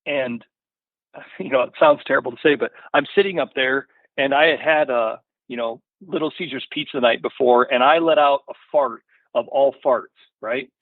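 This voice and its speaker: A man's voice: mid-range voice, moderate pace, no room sound. Rambling man on a tinny phone line. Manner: rambling, full of "you know" and "right?" tags. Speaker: podcast guest from a hunting gear company. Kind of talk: casual storytelling in an interview.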